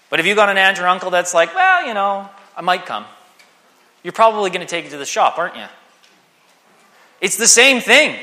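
A man preaching a sermon, animated and acting out the voices he quotes. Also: on the high side. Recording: long hall reverb.

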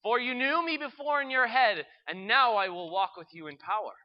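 A storyteller voicing a patient, loving divine spirit in a calm, slow, tender way. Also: medium pitch, dull audio, close to an everyday voice.

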